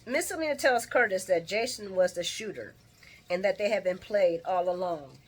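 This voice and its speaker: A woman's voice: medium pitch, expressive, moderate pace, slightly rough. A woman giving a casual recap of a soap episode, chatty and slangy, laughing often. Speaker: soap opera recap vlogger.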